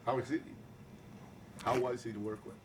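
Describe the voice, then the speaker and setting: A man's voice: medium pitch, fairly even intonation, moderate pace, a little mellow, a little hiss or hum. A man interviewing, asking short off-hand questions. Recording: distant voice amid crowd chatter.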